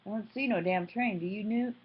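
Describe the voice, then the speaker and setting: A woman's voice: medium pitch, a little fast, husky, highs cut off, pitched above the performer's own voice. A woman voicing Earl, a blunt, cursing young man who drives the car, in a read-aloud novel. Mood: reckless.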